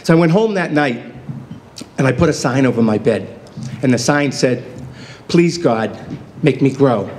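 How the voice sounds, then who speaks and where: A man's voice: mid-range voice, animated, measured pace, pauses often, background noise. Man in his fifties telling funny stories. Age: 50s. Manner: self-deprecating, acts out quoted dialogue. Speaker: award inductee giving acceptance speech. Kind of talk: humorous storytelling speech. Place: hotel banquet hall.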